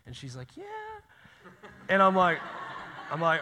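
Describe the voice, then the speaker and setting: Impassioned preacher with a slightly high voice. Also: male voice, normal speed, long reverb tail, a little hiss or hum. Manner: swings from loud urgent preaching to hushed near-whispers; casual and conversational, says "y'all" and "dude". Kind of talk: sermon.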